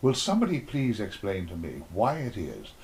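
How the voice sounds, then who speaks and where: A man's voice: on the low side, wildly swooping pitch, moderate pace, a little mellow. An older man, an actor being interviewed, reminiscing in a rambling, playful way and acting out little exchanges as he tells them.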